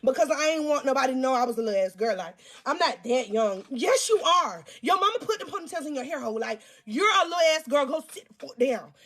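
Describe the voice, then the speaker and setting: A woman vlogger telling an embarrassing storytime. She is crude and self-mocking, talks straight to her viewers, and turns loud when she teases herself. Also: sits high, quick pace, hardly any pauses. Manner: animated, loud bursts when teasing herself. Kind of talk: storytime vlog.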